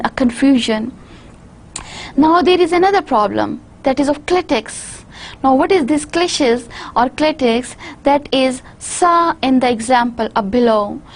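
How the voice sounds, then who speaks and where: A woman with a South Asian English accent giving a university lecture, explaining step by step and often repeating or restarting words as she reasons aloud. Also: high voice. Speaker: linguistics lecturer.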